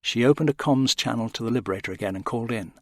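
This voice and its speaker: A man narrating a science fiction audio story in an expressive, tense manner. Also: medium pitch, very fast, no room sound, clean studio sound.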